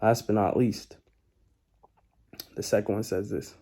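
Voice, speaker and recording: A man's voice: on the low side, steady tone, unhurried, mellow. A young man giving casual motivational life advice in a laid-back, slangy way, often repeating his key points.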